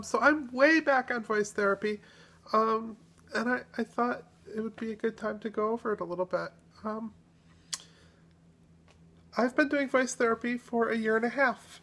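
Relaxed woman vlogging, somewhat high. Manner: relaxed, self-deprecating, hesitant. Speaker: video blogger. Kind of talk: casual vlog chat.

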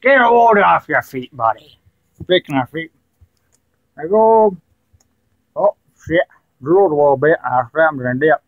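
A rowdy, crude hillbilly who dips tobacco, as a man puts him on, talking in a slow, high-pitched full of rambling fillers. The sound is close and dry. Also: expressive, dry recording, narrow, tinny audio. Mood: rowdy boasting. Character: loud crude male hillbilly tobacco dipper. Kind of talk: comedy character vlog.

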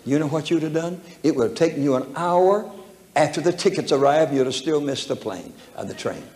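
A man's voice: fairly high pitch, expressive, brisk, darkish tone. An older man preaching a sermon, telling a personal story in a folksy, chuckling way and acting out the voices in it. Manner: folksy, chuckling, acts out voices in his stories. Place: church hall. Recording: echoey hall with faint background noise.

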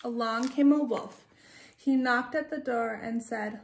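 A woman teacher reading a children's picture book aloud, gentle and expressive, with chatty asides to young listeners. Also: fairly high pitch, a little slow, vocal fry, echoey room.

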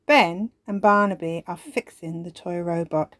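Lady reading a kids story, slow and sing-song, dry close sound. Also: fairly low pitch, no echo. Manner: slow, expressive storybook narration. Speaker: storytime reader.

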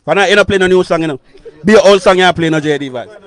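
A Jamaican man, a sound system selector, talking in excited, hyping live banter. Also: high-pitched. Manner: excited, hyping, quick exclamations.

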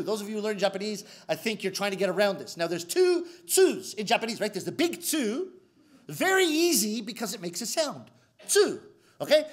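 Male storyteller, very high pitch, animated and exasperated comic delivery. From Canada. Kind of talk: comedic storytelling.

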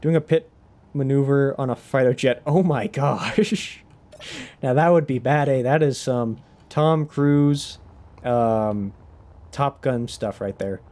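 A man's voice: mid-range voice, slow, darkish tone. A young man chatting casually while live-streaming a game, rambling, restarting his sentences and laughing often.

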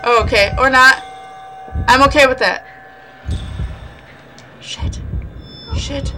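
A woman's voice: fairly high pitch, animated, moderate pace, pauses often, rough recording. Jumpy woman playing a horror game. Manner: jumpy, swearing, shrieks at scares, talks to the ghosts. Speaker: gaming channel host. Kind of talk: horror game let's play commentary. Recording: music playing over the voice.

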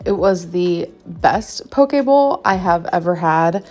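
A woman in her thirties chatting casually to her viewers at home, unhurried and full of "um" and "like". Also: lowish voice, lively intonation, darkish tone, soft background music. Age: 30s. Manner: unhurried, chatty, many fillers like "um" and "like". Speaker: vlogger. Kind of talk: casual vlog chat.

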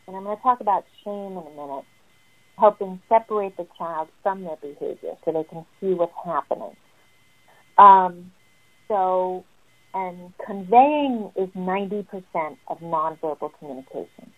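A woman's voice: medium pitch, moderate pace. A woman therapist explaining parenting advice in an earnest, emphatic teaching tone. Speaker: family therapist. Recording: tinny phone-like sound.

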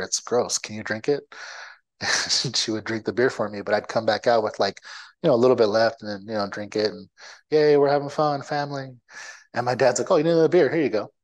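A man's voice: lowish voice, brisk, rough recording. A man in his thirties giving a guest lecture, telling a personal story in a self-mocking way, acting out the people in it and laughing along. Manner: animated, acts out the people in his stories.

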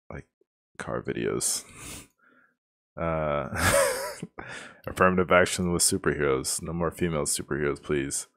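Very deep-voiced man ranting casually. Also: vocal fry. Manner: rambling, exasperated, laughs often. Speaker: show reviewer. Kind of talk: casual spoken review.

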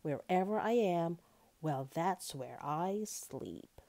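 A woman reading the lines of a free-spirited male butterfly in a storybook, in a lilting, unhurried way. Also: on the low side, expressive, mellow. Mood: breezy.

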